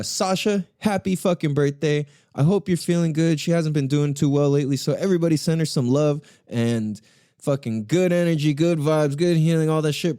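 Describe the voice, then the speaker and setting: A man's voice: a little high, dark tone, clear, resonant tone, dry recording, studio quality. A man hosting a podcast on his own, rambling in a casual, profane way, with frequent laughs. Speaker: podcast host. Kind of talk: casual solo podcast monologue.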